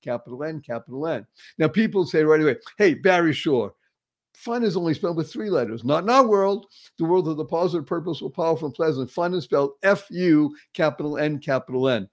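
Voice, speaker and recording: An energetic man hosts a motivational talk show, his voice sitting slightly high for a man. He gushes over his guest and hammers his points home by repeating key phrases. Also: a little fast. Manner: enthusiastic, effusive, repeats phrases for emphasis. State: paralyzed for years. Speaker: show host.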